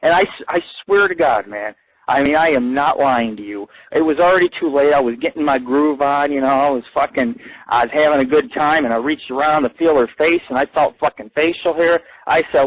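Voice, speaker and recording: Speaking a little fast on a low-quality recording, a man runs his own internet radio show with a rambling live monologue. His stories are boastful and profane, and he rises in pitch and volume as he gets excited.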